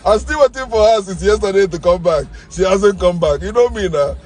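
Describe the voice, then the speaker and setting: A man with a Nigerian English accent hosting his channel in a ranting monologue, swinging between loud outbursts and low muttering. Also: brisk, faint music behind. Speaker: channel host.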